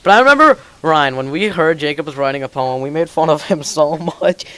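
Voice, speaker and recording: A man's voice: a little high, lively intonation, fairly quick, pushed and bright, clear, resonant tone, no echo. Rambling teenage boy podcast host. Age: teens. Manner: rambling, jokey, laughs often. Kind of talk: casual chat. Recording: faint hiss, keyboard clicks.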